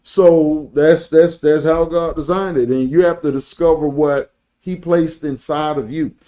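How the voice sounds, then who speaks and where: A man's voice: a little high, fairly even intonation, unhurried, warm tone. A man hosting a faith-based podcast, preaching in a motivational sermon style and quoting scripture. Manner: preachy, repeats and restarts words, quotes scripture. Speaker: podcast host and Christian business coach.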